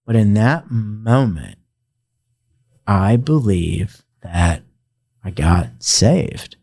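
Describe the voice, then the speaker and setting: Slow, husky man sharing a heartfelt testimony. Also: lowish voice, lively intonation, a little mellow, no room sound. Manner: heartfelt, emotional, reflective. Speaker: guest. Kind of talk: personal testimony in conversation.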